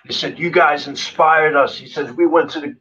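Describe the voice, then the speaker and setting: Somewhat high in pitch, his tone steady and sharp, this man speaks at a moderate pace through lo-fi sound. The punk band singer is telling road stories as a guest on a remote live stream call, cursing constantly, rambling, and using frequent fillers.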